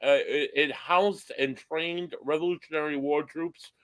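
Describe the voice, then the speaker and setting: Halting male podcast co-host. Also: on the high side, fairly bright tone, dry recording, rough recording. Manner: halting, filler-heavy, informative. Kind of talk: casual chat.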